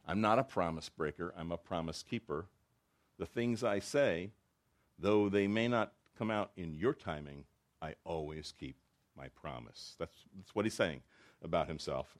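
A man's voice: sits low, moderate pace. A man preaching a sermon in a conversational way, acting out quotes with rising emotion. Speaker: pastor.

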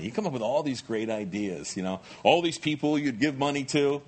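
A middle-aged male pastor preaching a sermon in a lively, conversational way with jokey asides. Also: mid-range voice, brisk.

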